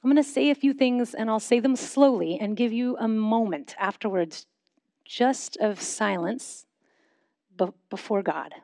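A woman pastor giving a sermon, posing questions and leading a guided silent prayer in a measured, unhurried way. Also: on the high side, vocal fry, no echo, studio quality. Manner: measured, slowing into soft reflective pauses.

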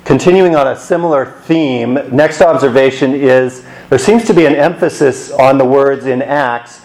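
A man's voice: mid-range voice, moderate pace, hardly any pauses, a little mellow, poor audio. A man preaching a sermon in a conversational way, asking rhetorical questions.

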